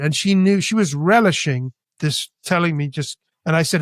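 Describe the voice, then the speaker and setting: A man from Britain by birth and Spain by upbringing tells his story as a guest. He is animated and acts out the dialogue, in a slightly high voice. The sound is dry and close. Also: normal speed, no echo. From born in Britain, raised in Spain. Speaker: guest artist. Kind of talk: storytelling interview.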